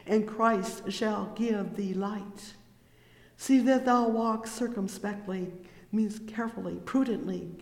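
A preacher talks through a sermon at an unhurried pace, reading verses in old scripture wording. The delivery stays level, with little rise and fall. The voice rings out in a roomy hall with a long echo. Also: mid-range voice, a little mellow. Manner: punctuates with "oh, yes" and "praise the Lord"; reads scripture in King James wording.

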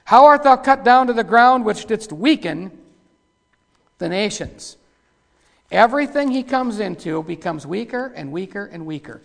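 A man preaching a sermon in a rough, folksy way, breaking into loud outbursts and sliding back to plain talk. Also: high-pitched, expressive, unhurried. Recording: echoey hall with long reverb.

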